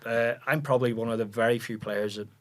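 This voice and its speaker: A man in his forties with a Northern Irish accent, a podcast guest telling relaxed stories in casual chat, often restarting his sentences around fillers. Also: mid-range voice, fast. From Northern Ireland.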